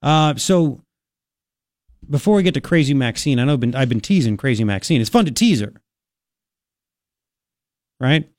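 A man's voice: mid-range voice, expressive, moderate pace, long pauses, a little mellow, dry recording. A man hosting a talk radio show, sarcastic and jokey, with lots of fillers and restarts, into a studio microphone. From Long Island, New York. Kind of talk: opinionated talk radio monologue.

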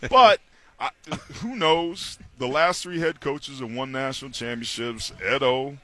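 A man's voice: mid-range voice, unhurried. A man, a former football player, chatting as a guest on a sports radio show and telling stories with impressions of coaches. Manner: animated storyteller, slips into impressions of coaches. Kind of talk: casual sports talk radio chat. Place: studio on a busy media row.

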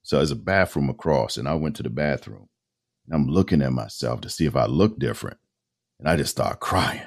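A man's voice: rumbling low, lively intonation, moderate pace, darkish tone. A middle-aged man, a voice-over artist, telling a long personal story as a podcast guest in a casual, slangy way and acting out the dialogue.

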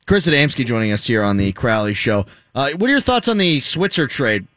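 A man's voice: mid-range voice, sing-song, brisk, a bit bright, no echo, studio quality. A man hosting a sports talk radio show, pushing his guest with teasing banter.

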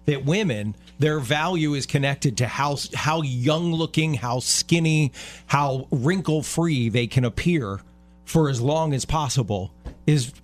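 A middle-aged man co-hosts a talk radio show, sounding earnest and emphatic as he restarts phrases on the fly. His voice sits a little high for a man, and soft music plays faintly beneath him. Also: measured pace. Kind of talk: casual talk radio commentary.

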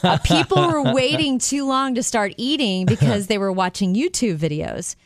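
A woman co-hosting a casual chat show, upbeat and quick to laugh as she introduces stories. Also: a little high, lively intonation, dry recording. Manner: upbeat, laughs often, teases co-host. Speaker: co-host.

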